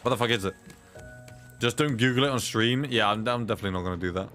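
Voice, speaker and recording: A man's voice: on the low side, fast, fairly bright tone, soft background music. A young British man streaming a survival game, reading chat aloud and cursing at what happens on screen. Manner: swears often, reads chat aloud, blurts reactions. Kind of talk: casual gameplay chat.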